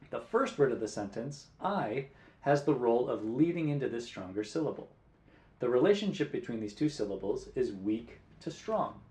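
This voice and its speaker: A man teaching guitar rhythm, counting beats aloud in a clear, patient way. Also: mid-range voice, a little mellow. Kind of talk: music lesson. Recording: roomy echo.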